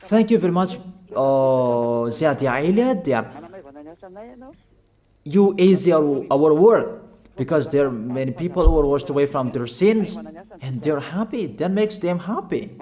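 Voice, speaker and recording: A male preacher delivering a sermon at an unhurried, deliberate pace, his voice sitting a little high for a man. He speaks halting non-native English full of fillers and restarts. He hammers his point home with short, repeated commands. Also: lively intonation, warm tone. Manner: emphatic, repetitive exhortation with short commanding phrases.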